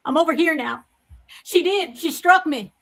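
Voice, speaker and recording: A woman in a comedy skit clip, playing a tearful, high-strung grown woman whose voice keeps breaking into sobs. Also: moderate pace, fairly bright tone, rough recording. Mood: indignant.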